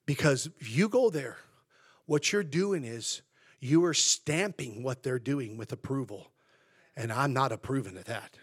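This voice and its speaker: A male American pastor preaching a sermon, moving between quiet asides and loud, emphatic declarations, with a folksy storytelling manner. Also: medium pitch, measured pace, slightly rough.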